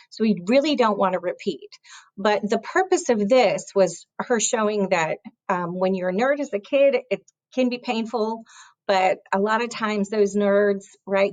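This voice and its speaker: Woman teacher, classroom lesson, medium pitch, checks in with students, reads examples slowly with stress. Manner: explains slowly, checks in with "right?".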